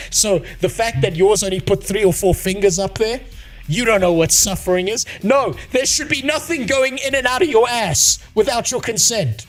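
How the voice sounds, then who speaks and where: A man's voice: high voice, lively intonation, moderate pace. A man ranting on a live stream about a game, profane and sarcastic. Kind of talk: casual live-stream rant.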